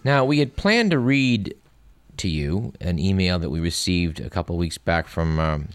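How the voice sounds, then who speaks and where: A man's voice: deep voice, dry recording. A man hosting a radio show, chatting wryly and reading listener emails aloud. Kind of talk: casual radio commentary.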